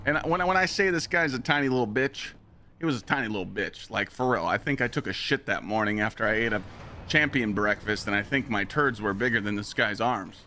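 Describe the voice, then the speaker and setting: A man streaming live, telling a story in a casual, profane and animated way. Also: fairly low pitch, fairly quick, slight background noise.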